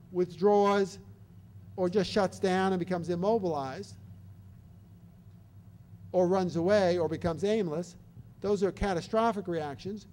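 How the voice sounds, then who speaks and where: An older man giving an explanatory talk on child development, animated and acting out baby and parent voices as examples. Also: sits high, slight background noise.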